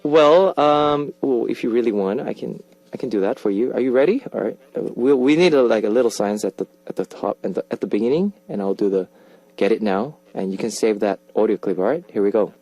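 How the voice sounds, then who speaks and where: A male radio DJ hosting a music request show, reading listener messages aloud in a playful, animated way. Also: lowish voice, brisk, no room sound. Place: radio studio. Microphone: studio microphone.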